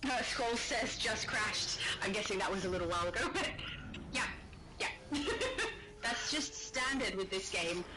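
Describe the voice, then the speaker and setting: A woman's voice: medium pitch, unhurried, loud music behind the voice, poor audio. A woman co-hosting a casual gaming livestream, chatty and laughing often as she reads chat aloud. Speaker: livestream co-host. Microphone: home streaming microphone.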